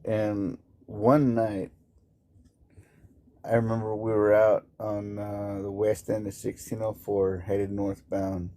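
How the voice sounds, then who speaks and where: A man calling in to tell a story, relaxed and unhurried with some hesitant restarts. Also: fairly low pitch. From Texas. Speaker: caller telling a story. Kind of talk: casual storytelling.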